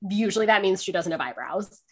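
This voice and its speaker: A woman guest who performs in drag, chatting casually in an interview with lively, swearing storytelling. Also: mid-range voice, fast talker, husky. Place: sitting by a window, on a video call.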